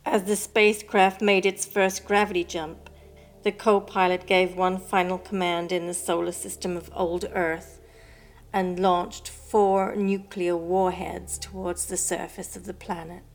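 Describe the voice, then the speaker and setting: A woman hosting a story podcast, reading scripted narration in a measured, steady way. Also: lowish voice, faint music behind.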